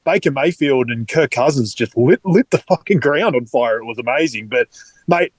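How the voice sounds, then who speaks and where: An Australian man co-hosting a fantasy football podcast, excitable and sweary in casual chat. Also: mid-range voice, moderate pace, no echo. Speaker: podcast co-host, fantasy analyst.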